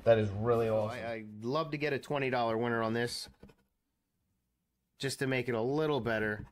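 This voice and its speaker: Host, man, mid-range voice; casual, excitable commentary while scratching tickets. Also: mid-range voice, fairly quick, pauses often. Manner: excitable, exclaiming, counting numbers aloud. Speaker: lottery scratch-off channel host.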